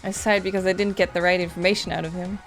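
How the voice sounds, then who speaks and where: A woman's voice: on the low side, level tone, fast talker, soft background music. A woman playing a mystery game, narrating it and chatting casually about her translation. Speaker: gaming YouTuber. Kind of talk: let's play commentary and narration.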